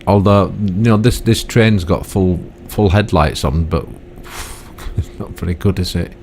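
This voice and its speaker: A man's voice: deep voice, fairly even intonation, measured pace, darkish tone, slight background noise. An older man giving rambling, chatty commentary on his own gameplay, full of tag questions and self-mocking asides. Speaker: gaming YouTuber.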